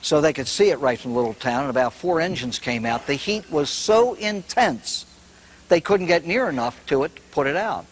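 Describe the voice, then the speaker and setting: A man's voice: fairly high pitch, lively intonation, normal speed, slight background noise. A man who is a priest, giving a humorous recovery talk as a folksy storyteller who laughs at his own jokes.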